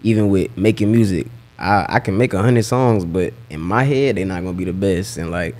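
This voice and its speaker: Fast-talking young rapper with Southern accent. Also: male voice, low-pitched, darkish tone. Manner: laid-back slang-heavy storytelling. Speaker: rapper and guest. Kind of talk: casual interview chat.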